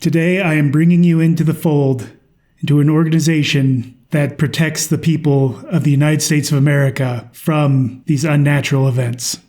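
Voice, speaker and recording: A man voicing a calm, formal male government recruiter in a suit. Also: a little high, moderate pace, natural voice.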